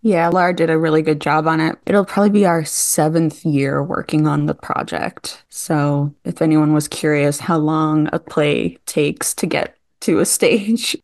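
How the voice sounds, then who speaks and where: A woman in her twenties, a stage actress as interview guest, telling anecdotes in a casual, animated way, laughing and acting out what others said. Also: low voice, gravelly, dry recording, studio quality. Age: 20s.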